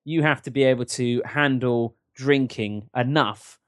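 A man's voice: medium pitch, a little slow, no echo, studio quality. A man co-hosting a podcast, rambling and joking with lots of restarts. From England. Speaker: podcast co-host. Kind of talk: casual advice-show chat.

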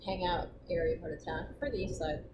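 A woman's voice: lowish voice, quick pace. A woman, a truck driver guest in a casual chat, talking in a blunt, dry, profane way. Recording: roomy echo, background hiss.

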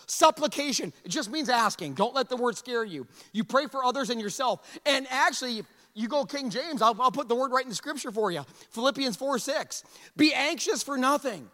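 A man preaching a sermon as a pastor, conversational and animated, moving between loud exhortation and hushed intensity. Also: high voice. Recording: long hall reverb.

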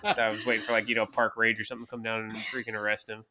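A man's voice: fairly low pitch, little pitch movement, very fast, crowd noise. A man co-hosting a podcast in casual chat, laid-back and full of "dude" and "like". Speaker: podcast co-host.

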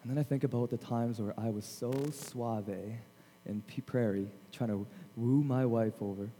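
A man's voice: mid-range voice, normal speed, slight background noise. Man telling a story in a reverberant chapel. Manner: self-deprecating, animated storytelling with laughs. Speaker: guest chapel speaker. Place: large chapel hall. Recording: long hall reverb.

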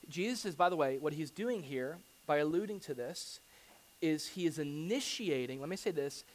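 A man with a fairly high voice preaches a sermon. He quotes scripture and drives his points home with rhetorical questions. His delivery swings from quiet and intimate to loud and urgent. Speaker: pastor.

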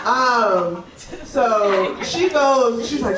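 A woman's voice: a little high, unhurried, far from the mic. A woman telling a funny story on stage at a live show, swearing freely and laughing as she talks. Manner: animated, swearing, laughing often. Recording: live room, roomy, crowd audible.

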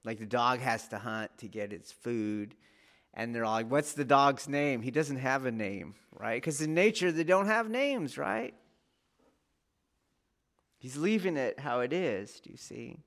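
A man's voice: mid-range voice, expressive, measured pace, fairly bright tone. Man lecturing students, emphatic. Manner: rambling, laughs often, asks "do you see?". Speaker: martial arts instructor.

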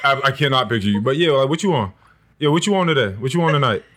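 A man's voice: mid-range voice, lively intonation, fast, fairly bright tone. A man in casual chat, laid-back and joking, repeating slang phrases back.

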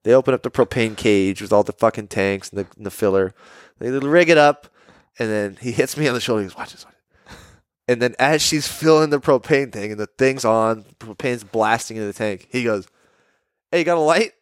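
A man in casual podcast chat who rants and swears constantly while telling stories. His voice sits in an ordinary middle pitch. The recording is dry and close, with no room sound. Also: fairly quick, clear, resonant tone, no room sound. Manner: swears a lot, ranting, animated storytelling. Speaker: podcast co-host.

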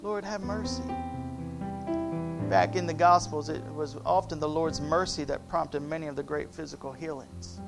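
A man preaching a sermon, calling on the congregation and swinging between loud cries and hushed, quiet passages. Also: fairly high pitch, level tone, normal speed, vocal fry, few pauses, over music. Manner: call-and-response preaching, rising to loud cries and dropping to hushed tones.

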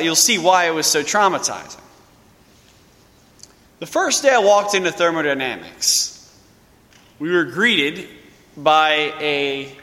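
A man's voice: a little high, bright, forceful tone. A young man from Louisiana, a parish priest giving a casual, story-driven sermon. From Louisiana, USA. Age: young adult. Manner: casual, storytelling homily with fillers. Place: church. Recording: echoey church hall.

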